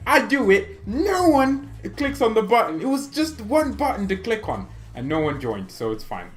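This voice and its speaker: A man hosting a fan channel stream, reading chat comments aloud and reacting with excitable, joking arguments and frequent laughter. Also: sits high, moderate pace. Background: faint background music.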